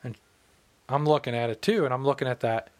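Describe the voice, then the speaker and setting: A man's voice: medium pitch, steady tone, fairly quick, a little mellow. A man in his thirties from the Midwest, telling a profane story in casual chat and acting out the people in it. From American Midwest. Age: 30s.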